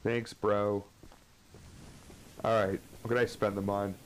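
A man's voice: fairly low pitch, flat delivery, slow pace, faint music behind, rough recording. A young man streaming a horror game, chatting casually and swearing, greeting viewers as he plays. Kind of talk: live gameplay commentary.

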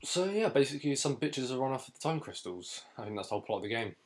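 A man's voice: mid-range voice, very animated, fast. A young man casually commenting over a video game, jokey and rambling, laughing often. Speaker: let's play host.

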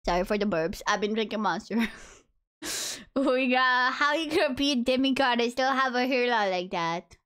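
A young woman live streaming, chatting casually and profanely with her viewers, joking and swinging between squeals and low mutters. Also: lively intonation, measured pace, a bit bright, smooth.

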